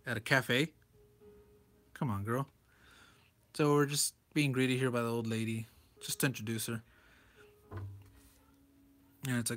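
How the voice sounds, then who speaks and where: A man's voice: mid-range voice, fairly even intonation, measured pace, pauses often, fairly bright tone, faint music behind. Man casually rambling through a comic. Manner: chuckles often, loose and rambling. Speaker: comic reviewer.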